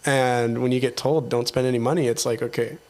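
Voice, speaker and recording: A man's voice: mid-range voice, a little fast. Chatty man hosting a podcast. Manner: chatty, laughs often, animated retelling. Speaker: podcast host, theatre technician. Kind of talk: casual podcast chat.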